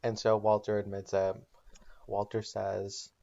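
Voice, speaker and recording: A man narrating an invented plot recap for comedy, deadpan and matter-of-fact. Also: lowish voice, a little slow, dull audio.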